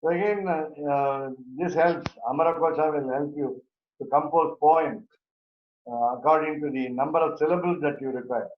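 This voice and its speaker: A man teaching a grammar class in a slightly high voice, pausing often and restarting his sentences. The sound is roomy and dull, like a lo-fi online class recording with the echo of a bare room. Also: slight background noise. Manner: halting, many fillers and restarts. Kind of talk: Sanskrit grammar class discussion.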